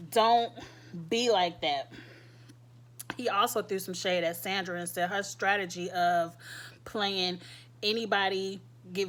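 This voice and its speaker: A woman giving chatty, sassy commentary as a show reviewer, her throat irritated so that she keeps clearing it. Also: mid-range voice, fairly bright tone. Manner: chatty, sassy, laughs often. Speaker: reality TV reviewer. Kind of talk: casual commentary.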